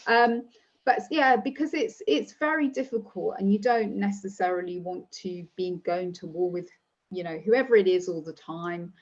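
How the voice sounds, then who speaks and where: Woman co-host, gentle advice, laughs often; dull lo-fi recording. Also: on the low side, normal speed. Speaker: podcast co-host. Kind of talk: casual chat. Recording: dull lo-fi sound.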